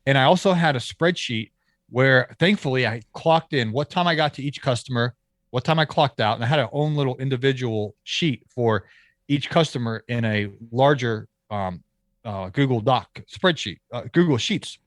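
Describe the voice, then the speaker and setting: A man, a landscaping business owner, telling a story as a podcast guest, lively and acting out the people he quotes, with frequent restarts. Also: mid-range voice, normal speed, dry recording, studio quality. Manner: animated storyteller who acts out quoted dialogue. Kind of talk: casual storytelling interview.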